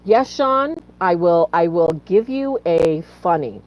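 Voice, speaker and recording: A woman's voice: on the low side, expressive, takes it slowly, darkish tone, rough recording. A woman hosting a faith live stream, tearful and fighting back tears as she earnestly pleads with viewers and greets them by name. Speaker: livestream host.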